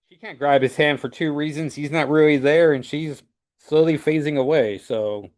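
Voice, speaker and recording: A man's voice: fairly high pitch, moderate pace, darkish tone. A man who reviews comic books, recapping a story in a loose, casual way with lots of "like" and "um.". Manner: loose, filler-heavy recap with "like" and "um".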